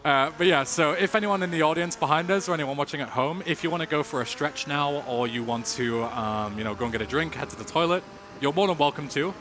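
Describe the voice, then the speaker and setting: An English man commentating his own speedrun at a live charity marathon, relaxed and chatty with lots of fillers. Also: on the high side, quick pace, a little hiss or hum. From England.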